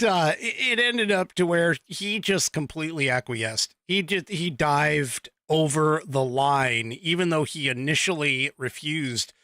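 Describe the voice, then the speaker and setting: Animated high-pitched male podcast host. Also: no echo, studio quality. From United States. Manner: animated, laughing, mocking asides. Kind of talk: opinionated political commentary.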